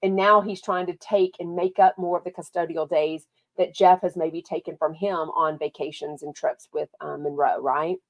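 Her voice is fairly low and her speed normal as this podcast host, a Texas woman with a Texan accent, chats casually about reality TV. She's lively and chatty and reads viewer comments aloud along the way.

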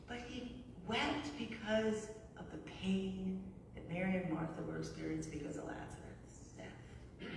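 A woman's voice: mid-range voice, background noise. A middle-aged woman giving a conversational sermon, telling stories and often asking "right?", recorded in a church sanctuary. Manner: conversational, storytelling, frequent "right?". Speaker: pastor. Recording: echoey hall from far off.

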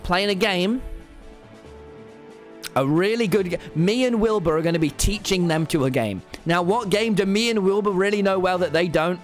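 A young British man hosting a live gaming stream, chatting casually in a rambling, excitable and sweary way. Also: high-pitched, normal speed, soft background music. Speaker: livestream host.

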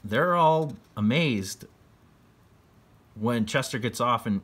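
A man's voice: medium pitch, expressive, slow, a bit bright. A man casually retelling a picture book in his own words, rambling with fillers and chuckling often. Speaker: book reader.

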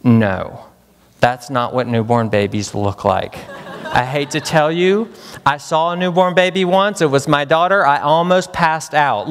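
A man's voice: a little high, a little slow. A man from Memphis, Tennessee, preaching a chapel sermon as a pastor, dramatic and full of rhetorical questions. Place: large chapel hall. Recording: long hall reverb.

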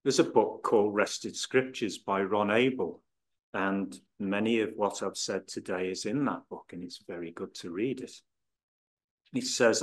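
Man, Bible teacher, unhurried delivery, explanatory, leans on key words. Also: fairly low pitch, darkish tone. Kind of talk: scripture teaching talk.

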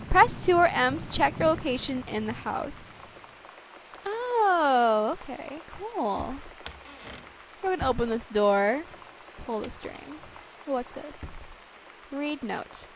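Young woman gamer, high and giggly, chatty commentary over soft rain. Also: expressive, slow pace, pauses often, slight background noise, rough recording. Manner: giggly, chatty, reads game text aloud. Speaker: let's play gamer. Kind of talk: casual gameplay commentary.

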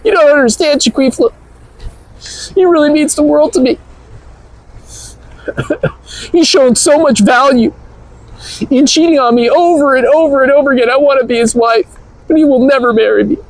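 A man putting on a falsetto voice to play a whiny, lovesick young Gen Z woman in a comedic live-stream sketch, with giggles and a whining delivery. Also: moderate pace, long pauses, no echo, low-quality recording.

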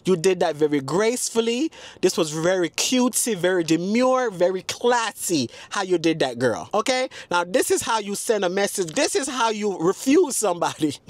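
A man's voice: high-pitched, sing-song, moderate pace, no room sound. Sassy, dramatic man telling a story. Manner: sassy and dramatic, calls the audience "girl". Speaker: storytime vlogger. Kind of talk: casual storytelling.

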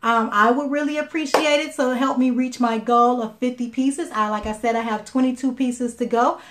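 A woman's voice: fairly high pitch, fairly even intonation, normal speed, a bit bright. A woman from Chicago selling jewelry on a live video, chatting casually with many fillers and restarts. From Chicago, Illinois. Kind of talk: live sales stream.

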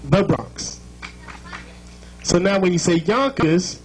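High-voiced Jamaican man working a crowd. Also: animated, takes it slowly, long pauses, a little mellow, low-quality recording. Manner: playful, teasing, chatty with the crowd. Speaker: host of a live show. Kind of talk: joking crowd work.

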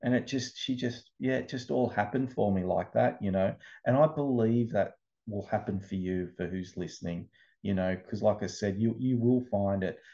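A man's voice: fairly low pitch, moderate pace, mellow, lo-fi sound. A man telling his personal story as an interview guest, earnest and emotional, often repeating words.

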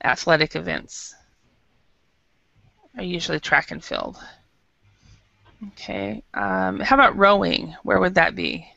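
A woman teaching an English class over a video call, explaining patiently and slowly with many fillers. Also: fairly low pitch, very animated, vocal fry, bright, forceful tone, dry recording. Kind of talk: online English lesson. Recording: dull lo-fi video call audio.

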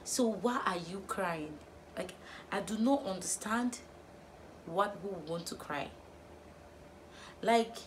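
A young woman vlogging, firing off exasperated rhetorical questions in an animated opinion rant. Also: fairly low pitch, a little hiss or hum.

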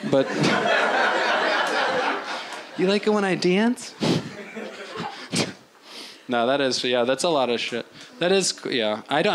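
A man doing an improvised stand-up set on a club stage, loose and rambling, swearing a lot and mocking himself. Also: medium pitch. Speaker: stand-up comedian. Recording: noisy live club recording. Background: audience laughter.

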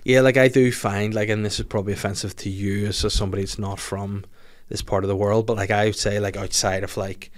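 Quick, jokey Northern Irish podcast host. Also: male voice, fairly low pitch, flat delivery. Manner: jokey banter with swearing. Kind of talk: casual chat.

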